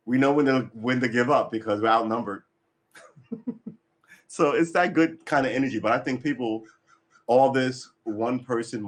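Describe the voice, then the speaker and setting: A man talks loosely to his livestream audience, jumping between thoughts. He is blunt and opinionated, curses casually and laughs often. His pitch sits in an ordinary middle range. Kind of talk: casual rambling chat.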